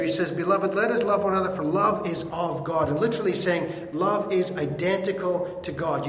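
A middle-aged man with a slightly high voice preaches in a church, teaching earnestly and slowing down to read verses aloud. His voice rings through a roomy hall with a long reverb tail, over a faint background hum. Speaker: pastor. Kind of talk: sermon.

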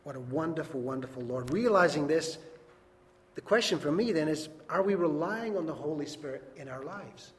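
A man preaching a sermon in a church hall, earnest and emphatic, rising loud and dropping soft. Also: fairly high pitch, animated, normal speed. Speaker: pastor. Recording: long reverb, faint background noise.

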